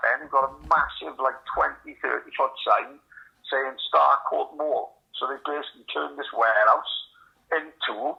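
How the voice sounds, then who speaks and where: A man's voice: mid-range voice, creaky, highs cut off. A man in his forties, a podcast host, rambling through a story in casual chat and swearing constantly. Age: 40s.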